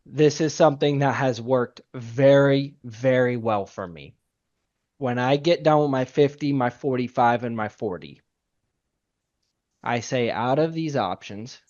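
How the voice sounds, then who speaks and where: A man's voice: mid-range voice, dull audio. A man teaching a sales team, talking with energy, repeating his points and acting out client calls. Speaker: sales trainer. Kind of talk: sales training talk.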